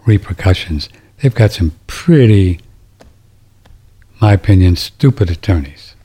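Man, talk radio host, very dark mellow tone, rambling, indignant. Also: low voice, measured pace, slightly rough. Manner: rambling, indignant, restarts sentences. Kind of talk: casual talk radio monologue.

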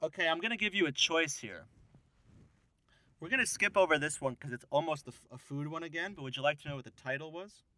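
A man's voice: on the high side, fast talker, pushed and bright, no room sound. A man co-hosting a podcast in casual chat, playfully reading out quiz questions. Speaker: podcast co-host.

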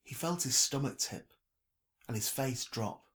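A man narrating a novel in an even, measured storytelling voice. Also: mid-range voice. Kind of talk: audiobook narration.

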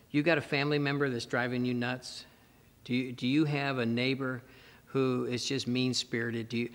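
A man's voice: medium pitch, a bit bright, big-room sound. A man preaching a sermon as a pastor, emphatic and repeating words for stress.

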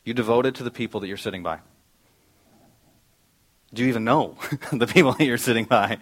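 A middle-aged pastor preaching a conversational sermon in a church auditorium, asking the congregation questions. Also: male voice, medium pitch, fairly quick.

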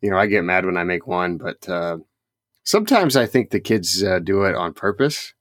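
A man with a lowish voice rambles through casual podcast chat, laughing easily and often starting sentences over. His voice is recorded dry and close. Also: expressive, normal speed, no room sound. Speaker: podcast co-host.

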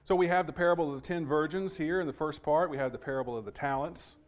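A man preaching a Sunday sermon and reading scripture aloud, speaking in a measured way with frequent pauses and restarts. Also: fairly high pitch.

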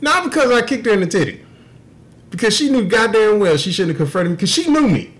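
A young man on a podcast, telling a story in an animated, profane way and laughing through the punchlines. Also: high-pitched, quick pace. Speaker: podcast co-host. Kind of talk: casual storytelling.

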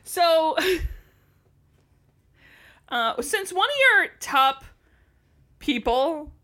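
Bright-voiced woman recapping a show. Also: high voice, lively intonation, extremely slow. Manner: chatty, laughs often, swears casually. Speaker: podcast co-host recapping a TV episode. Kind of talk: casual chat.

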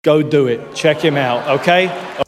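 British man's halting speech in a hall. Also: a little high, a little hiss or hum. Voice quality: halting, full of "uh" fillers. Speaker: award winner. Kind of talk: acceptance speech. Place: large awards hall. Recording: reverberant hall with crowd.

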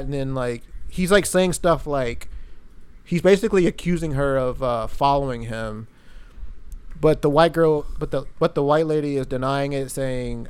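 A man's voice: medium pitch, moderate pace, darkish tone, clean tone. A man in casual conversation, retelling a story in a laid-back, profane way. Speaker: podcast co-host. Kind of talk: casual chat.

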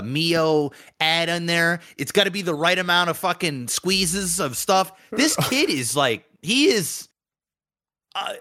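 A man co-hosting a podcast, telling a home story in casual chat, animated and full of swearing and laughs. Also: high voice. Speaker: podcast co-host.

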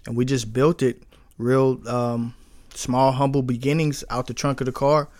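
A man's voice: mid-range voice, normal speed, no echo. A man in his thirties from St. Louis, a business owner telling the story of how he started his company in a podcast interview, with lots of fillers and acted-out quotes. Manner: relaxed storyteller, with frequent fillers and quoted dialogue.

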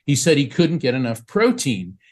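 A man's voice: medium pitch, normal speed. Man telling a story, acting out the quotes. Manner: animated storyteller who acts out quoted speech. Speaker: guest psychic medium. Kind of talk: storytelling in a talk show interview.

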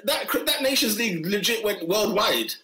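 A man's voice: sits high, animated, normal speed, over a noisy crowd. A man hosting a casual football chat, slangy and laughing often. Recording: roomy echo.

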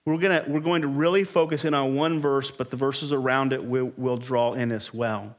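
A man's voice: medium pitch, steady tone, moderate pace. A man preaching a Sunday morning sermon as pastor, emphatic and rising in intensity.

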